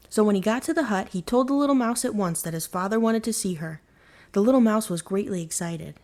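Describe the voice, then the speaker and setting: A woman reading a folktale aloud as a bedtime story, in a calm, even storytelling manner. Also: mid-range voice, fairly quick.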